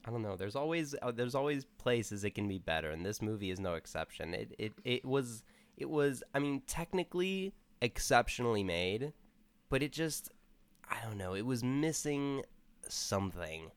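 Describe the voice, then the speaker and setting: A man's voice: medium pitch, sing-song, moderate pace, clean tone, no room sound. Man arguing a movie rating. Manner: argumentative, teasing. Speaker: podcast co-host. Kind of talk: casual movie review chat.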